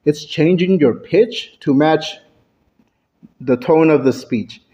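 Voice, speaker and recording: A man delivers a prepared speech to a club in a meeting room, with a slightly raised voice. He talks slowly and varies his pitch and loudness for effect. The recording is dull and lo-fi. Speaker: club speaker.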